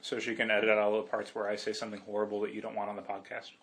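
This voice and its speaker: A man's voice: fairly low pitch, completely flat delivery, very fast, fairly bright tone. A man with a mid-range voice co-hosts a casual podcast chat. He is wry and jokey, now and then talking while eating. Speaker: podcast co-host.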